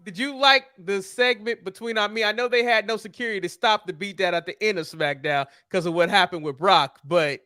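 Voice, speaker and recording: A man with a high, bright voice co-hosts a casual recap chat. He stumbles and repeats his words as he steers the conversation from topic to topic. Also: brisk, hardly any pauses, clear, resonant tone. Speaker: podcast co-host.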